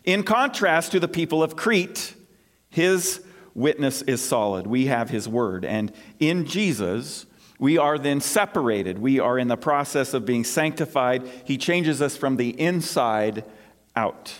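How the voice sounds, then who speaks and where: A man's voice: medium pitch, lively intonation, a little slow. A male pastor preaching a sermon in a church, stressing his points through repetition. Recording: long church reverb.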